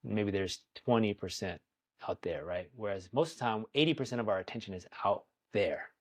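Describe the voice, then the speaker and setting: A man teaching qigong in a conversation, calm and soothing, who often checks in with "right?". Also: on the low side, brisk. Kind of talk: guided practice in conversation.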